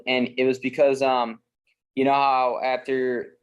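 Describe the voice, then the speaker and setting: Man, casual chat, mid-pitched voice, swears a lot, rambles with fillers. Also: monotone, a little slow, clean tone. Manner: profane storytelling, rambling with fillers. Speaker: podcast co-host.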